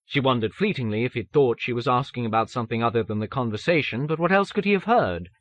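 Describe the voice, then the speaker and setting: A man's voice: medium pitch, lively intonation, fast talker, a bit bright, no echo. Man narrating an audiobook, dry studio. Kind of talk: scripted narration.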